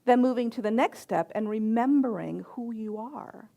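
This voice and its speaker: A middle-aged woman, a reverend and chaplain, giving a sermon with personal stories in a gentle, reflective voice with soft pauses. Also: fairly high pitch, vocal fry.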